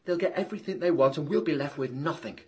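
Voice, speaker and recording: A man's voice: a little high, fast talker, close to an everyday voice. A man playing a cynical, hostile official who is curt and dismissive. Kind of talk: stage or radio drama acting.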